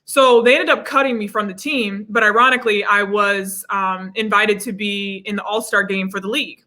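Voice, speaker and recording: A young woman guest on a video call, telling her story in a lively, conversational way. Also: medium pitch, normal speed. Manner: animated storyteller, acts out quotes.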